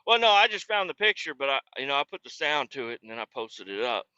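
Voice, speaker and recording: A man's voice: mid-range voice, big pitch swings, fast, pushed and bright, smooth, no echo, muffled recording. A man voicing a chatty old rural male truck mechanic with an eager, boastful drawl.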